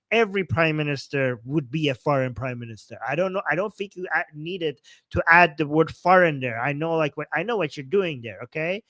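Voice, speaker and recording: Guy ranting back at a clip on his stream, sarcastic and fed up, kinda high voice. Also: bright, forceful tone, no echo. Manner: sarcastic, exasperated, rapid rebuttals with restarts. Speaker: livestream commentator. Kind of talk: reacting to a video clip, livestream.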